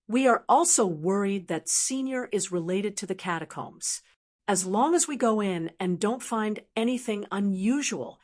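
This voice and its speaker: Woman audiobook narrator, mid-pitched, even and measured, scripted narration.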